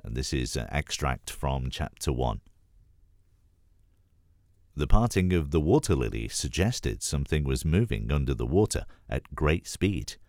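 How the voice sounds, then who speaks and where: Very deep-voiced male storybook narrator. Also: very animated, unhurried, darkish tone, no echo, studio quality. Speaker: audiobook narrator auditioning.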